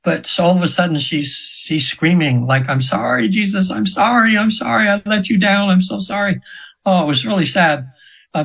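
This interview guest is a hypnotherapist in his seventies who tells stories casually, wandering with fillers and false starts and sometimes performing the voices of people he quotes. He has a fairly high, fairly bright, husky voice, captured on a low-quality recording.

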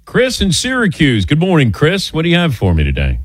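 A man's voice: a little high, wildly swooping pitch, fairly quick, no echo. A man hosting a sports talk radio show, speaking with a dry, wry delivery.

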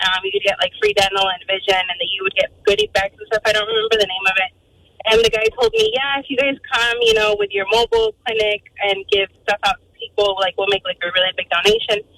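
Female caller, animated storyteller, bright and quick, acts out every quote. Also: mid-range voice, poor audio. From Arizona, USA. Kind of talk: telling a story on a radio call-in.

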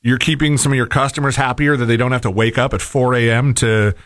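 A man's voice: medium pitch, fairly even intonation, fast talker, fairly bright tone, dry recording, studio quality. A man co-hosting a talk show, telling stories casually in a rambling way with many fillers. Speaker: co-host. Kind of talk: casual chat.

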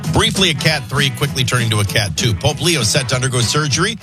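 A man's voice: mid-range voice, lively intonation, fast, music in the background. A man hosting a morning radio show, reading headlines and taking callers with loose, joking asides. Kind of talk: news reading and call-in chat. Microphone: studio microphone.

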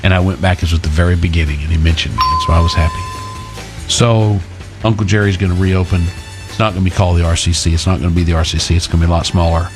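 A man's voice: low-pitched, flat delivery, quick pace, over music. A man hosting talk radio, telling a rambling, self-deprecating story in a casual monologue. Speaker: radio talk show host.

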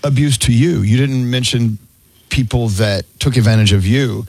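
A man's voice: mid-range voice, fairly even intonation, moderate pace, creaky, darkish tone, slightly rough, no room sound. A man hosting an interview, probing with questions and joking now and then. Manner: probing, playful. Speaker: interview host.

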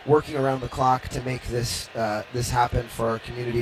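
Slightly winded man, halting and upbeat. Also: mid-range voice, level tone, a little hiss or hum, poor audio. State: slightly out of breath. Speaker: baseball team executive. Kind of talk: on-air interview. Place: ballpark during a game.

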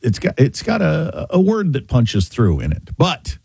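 A man's voice: fairly high pitch, measured pace, vocal fry, husky, no room sound, clean studio sound. A man co-hosting a talk radio show, chatting wryly. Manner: animated, chatty, wry. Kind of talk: casual talk radio banter.

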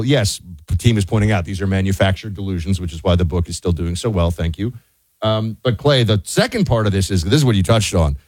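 A man's voice: on the low side, darkish tone, no room sound. A man co-hosting a talk radio show, arguing his points in an emphatic, sarcastic way. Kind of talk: opinionated talk radio commentary.

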